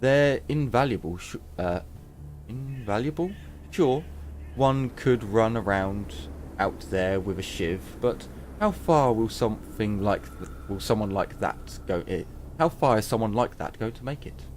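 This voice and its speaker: A man's voice: on the low side, expressive, a little slow, darkish tone, a little hiss or hum. A man voicing a confident male weapons trader in a game, with a salesman's patter. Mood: blunt.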